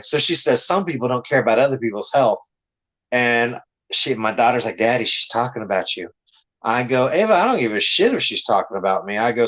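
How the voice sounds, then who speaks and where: A man's voice: mid-range voice, fairly bright tone, rough recording. A man, a comic creator, telling blunt, profane stories in a casual podcast chat.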